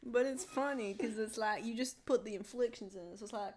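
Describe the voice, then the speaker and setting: A woman's voice: a little high, brisk. A woman hosting a livestream, chatting casually and playfully while gaming, often breaking into giggles. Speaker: livestream host.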